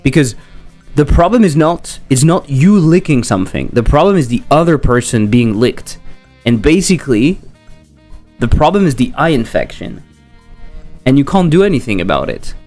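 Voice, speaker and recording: A man with a French accent talks loosely on a live stream, drifting between jokes and chat replies as he works. His pitch sits in an ordinary middle range for a man. Soft music plays faintly behind him. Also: sing-song, normal speed. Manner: rambling and jokey, reading chat aloud. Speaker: game developer streamer. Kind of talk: casual livestream chat.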